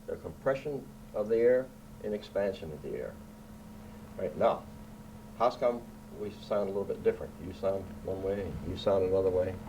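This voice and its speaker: A man with a fairly low voice teaches children about science in a relaxed, playful tone. He keeps checking in with a quick "right?" as he explains. A faint hiss of background noise sits under him. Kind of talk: casual classroom explanation. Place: indoor room.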